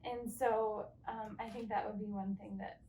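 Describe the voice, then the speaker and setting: A woman's voice: medium pitch, level tone, normal speed, warm tone, distant mic, slight background noise, rough recording. A woman guest clinician speaking earnestly and encouragingly in a casual panel talk, with frequent ums.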